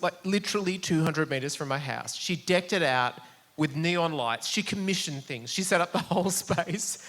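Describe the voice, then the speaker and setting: Male co-host, high and bright voice, teasing banter. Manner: teasing, laughing wisecracks. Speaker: podcast co-host. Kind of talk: live podcast banter. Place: live show stage.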